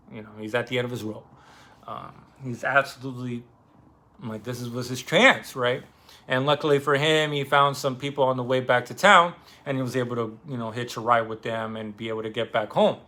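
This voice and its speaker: Casual male book vlogger, mid pitch, bright and forceful, loose and profane. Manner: loose and animated, many fillers and swearing. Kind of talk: casual retelling of a novel.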